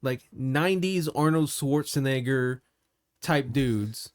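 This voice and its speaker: A man's voice: mid-range voice, takes it slowly. A man co-hosting a podcast, retelling a story in casual, laughing chat. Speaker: podcast co-host.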